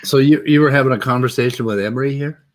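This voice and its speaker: A man's voice: mid-range voice, fast. A man hosting a livestream, chatting in a laid-back, plain-spoken way. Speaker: livestream host. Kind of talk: casual chat.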